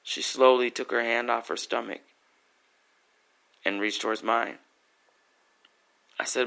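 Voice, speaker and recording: A man's voice: medium pitch, steady tone, measured pace, vocal fry, long pauses, pushed and bright, clear, resonant tone. A man performing an emotional spoken-word story, intense and pleading.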